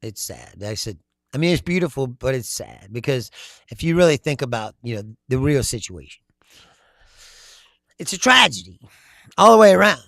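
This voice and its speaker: Middle-aged guy riffing on comments, lively swooping pitch, dry close sound, lots of laughing. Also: normal speed, gravelly, long pauses, no echo. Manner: laughing, profane, animated storytelling. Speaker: political commentary host reading viewer comments. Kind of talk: casual livestream chat.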